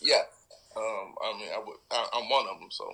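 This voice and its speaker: A man's voice: on the low side, a little fast, sharp tone, poor audio. A man as a guest on a casual podcast, laid-back and joking, dodging personal questions.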